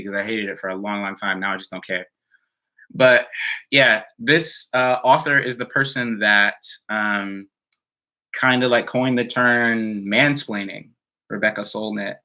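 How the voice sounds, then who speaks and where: This man's voice is medium in pitch with a sharp tone as he chats on a live stream from inside his home. Sounding a little tired, he rambles through viewer comments with plenty of fillers.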